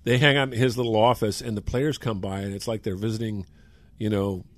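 A man's voice: on the low side, fairly even intonation, fairly quick, no echo. A man in his sixties chatting as a guest on a sports talk show, a chatty storyteller. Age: 60s. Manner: chatty storyteller, mimics people in quotes. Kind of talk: casual radio talk.

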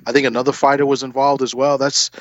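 A man co-hosting on radio, giving fast, indignant commentary. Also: medium pitch, little pitch movement, no room sound. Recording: dull lo-fi line.

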